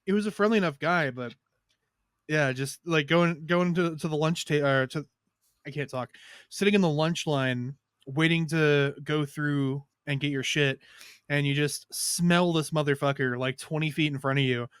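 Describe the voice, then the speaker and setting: Rambling crude storyteller, smooth dry voice. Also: male voice, on the high side, moderate pace, dry recording. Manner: rambling storyteller, loud shouted impressions. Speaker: podcast co-host. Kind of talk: casual crude chat.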